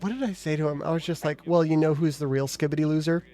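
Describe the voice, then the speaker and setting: A young man in casual stream chat, joking, laughing often and acting out stories with animated quotes. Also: a little high, quick pace, faint music behind. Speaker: restaurant worker chatting on stream.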